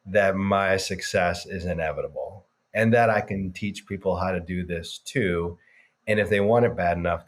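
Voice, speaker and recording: Earnest low-voiced man telling his story. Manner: earnest, reflective storytelling with emphatic stresses. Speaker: guest, business coach. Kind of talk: casual podcast interview.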